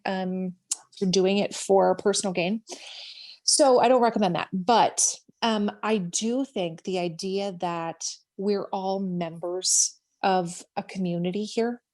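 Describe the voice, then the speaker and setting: A woman's voice: mid-range voice, measured pace, darkish tone. Interview guest: woman, Minnesota accent, earnest and chatty, laughs easily, mid-range voice, video call. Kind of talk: casual interview chat.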